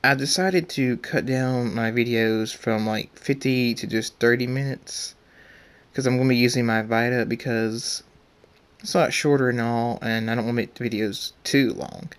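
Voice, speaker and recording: A young man reads his own story aloud in a casual, halting way, often stumbling and restarting. His voice sits at an ordinary middle pitch. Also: steady tone, smooth. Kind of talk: amateur story reading.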